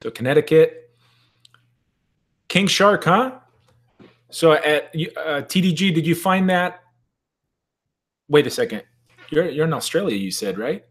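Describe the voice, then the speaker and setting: A man's voice: on the high side, animated, a little slow, pauses often. A man chatting casually on a live stream at his desk at home, joking and greeting viewers in the chat. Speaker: toy collector hosting a live stream.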